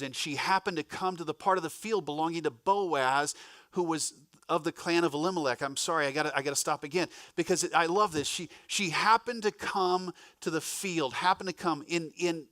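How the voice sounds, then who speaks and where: A man's voice: on the high side, fairly bright tone, dry recording, clean studio sound. A male pastor giving a conversational sermon, breaking off for asides to the congregation. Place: church.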